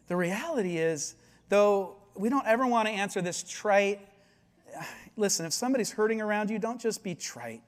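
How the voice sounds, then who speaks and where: Pastor guy preaching, high voice, earnest, asks the crowd stuff, long hall echo. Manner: earnest, engages the congregation with questions. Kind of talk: sermon.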